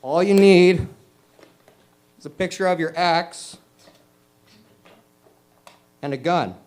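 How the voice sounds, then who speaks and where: A man doing stand-up, delivering dry one-liners and pausing before each punchline at a small open mic. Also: sits high, a little mellow. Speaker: stand-up comedian. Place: small comedy venue with audience.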